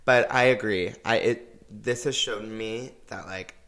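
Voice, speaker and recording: A man's voice: lowish voice, unhurried, a bit bright. A young man co-hosting a podcast in casual chat, peppering his talk with "like" and "literally" and laughing often. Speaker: podcast co-host.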